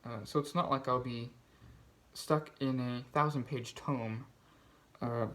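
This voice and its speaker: A man's voice: medium pitch, fairly even intonation, slow, a bit bright. A man hosting a casual book video, talking through his reading pile with lots of fillers and restarts. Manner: rambling, many fillers and restarts. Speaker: BookTube host.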